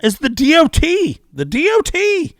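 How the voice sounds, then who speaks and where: A middle-aged man co-hosts a podcast in an unhurried but very animated way, swinging his fairly high voice up and down. His tone is bright and gravelly, and he swears and repeats words for emphasis. The sound is dry and close. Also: no room sound. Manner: emphatic, profane storyteller who repeats key words. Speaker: podcast co-host. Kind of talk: casual podcast chat. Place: podcast studio.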